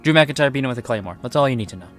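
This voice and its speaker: A young man talks through a casual review in a mid-pitched voice, turning sarcastic and exasperated as he goes. He swears freely and rants about what let him down. Faint music plays behind him. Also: lively intonation, rapid-fire, fairly bright tone. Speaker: wrestling reviewer.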